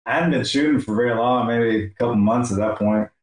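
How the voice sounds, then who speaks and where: A male podcast host chatting casually and telling a story in a relaxed, filler-heavy way. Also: mid-range voice, a little fast. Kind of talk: casual conversation. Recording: echoey room.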